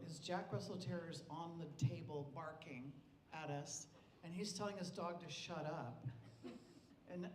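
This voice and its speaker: Giving a eulogy in an echoey club hall, this middle-aged man tells rambling personal anecdotes at a memorial, often stopping to start over. He has a high-pitched voice with a darkish tone. Faint ambience and slight background noise come through.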